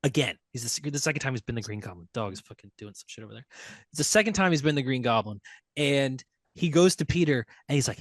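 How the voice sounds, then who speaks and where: A young male podcast host talks fast and expressively at medium pitch, with no echo on the recording. His casual, animated chat is full of stories and free swearing.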